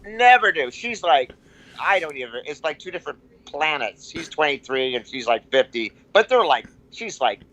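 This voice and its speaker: A man guesting on a comedy podcast, rambling and halting in casual chat, with frequent restarts and self-mocking asides. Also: on the high side, big pitch swings, a bit bright, dull audio.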